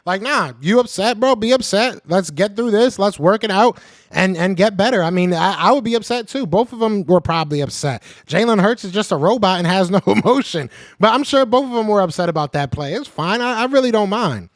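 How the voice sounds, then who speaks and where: A man hosting a live podcast, reading the chat and trash-talking in a casual, animated way; he is a little sick. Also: high-pitched, brisk, no room sound, studio quality.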